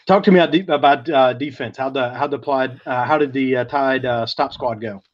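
A man co-hosting a sports podcast in casual chat, telling stories in an animated way and laughing as he goes. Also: mid-range voice, fairly quick. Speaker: podcast co-host. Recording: lo-fi, slightly dull sound.

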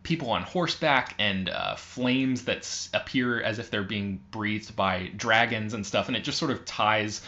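Male podcast co-host, measured chat; low pitch, muffled lo-fi sound. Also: pushed and bright. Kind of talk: casual chat.

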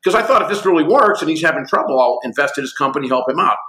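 Animated storyteller man in his sixties, bright voice. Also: on the high side, very fast, roomy sound. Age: 60s. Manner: lively anecdotes acting out both sides of conversations. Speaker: guest, company executive.

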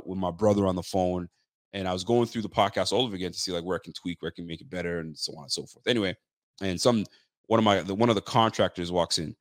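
A fairly low-voiced young man talks sports on his podcast in a loose, slangy way, jumping up in pitch when he acts out what other people said. The sound is dry and close, with no room around it. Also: dry recording. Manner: animated, lively storytelling with mimicked quotes; loose street slang and swearing. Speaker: podcast host. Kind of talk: casual sports talk chat.

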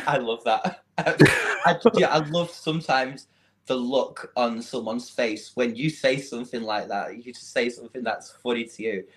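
A man with a Mancunian accent, chatting casually as an interview guest, self-deprecating and quick to laugh. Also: mid-range voice, expressive, fairly bright tone, poor audio. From England.

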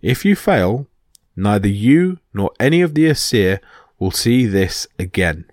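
A man's voice: fairly low pitch, sing-song, a little slow, darkish tone, no room sound, studio quality. A man voicing a hulking, cruel male frost giant king who speaks in a growling, menacing way.

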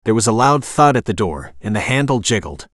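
A man reading a first-person audiobook narration in a wry, expressive manner. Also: lowish voice, a little fast, no room sound, clean studio sound.

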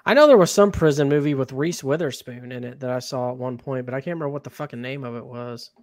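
A man's voice: mid-range voice, fast talker, darkish tone, no echo. A man co-hosting a podcast in casual chat, loose and freely swearing. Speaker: podcast co-host.

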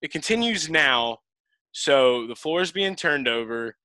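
A man hosting a podcast in casual chat, teasing his guest playfully, with many quick restarts. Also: on the high side, animated, pushed and bright, no echo. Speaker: podcast host.

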